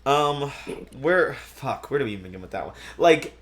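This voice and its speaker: Man, podcast co-host, casual chat, swearing, rambling retellings, medium pitch. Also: animated, normal speed, a bit bright.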